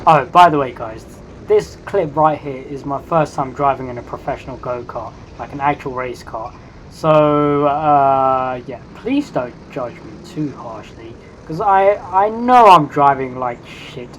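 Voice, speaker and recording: A woman giving excited, chatty commentary over her own racing game footage, correcting herself as she goes. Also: extremely low pitch, measured pace, lo-fi sound, a little hiss or hum. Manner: excitable, rising and louder in tense moments; chatty, self-correcting asides. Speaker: sim racing video creator.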